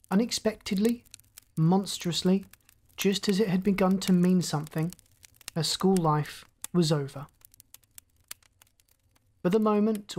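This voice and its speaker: A woman narrating a sleep story for adults in a calm, measured reading voice. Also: on the low side. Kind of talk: scripted bedtime story narration.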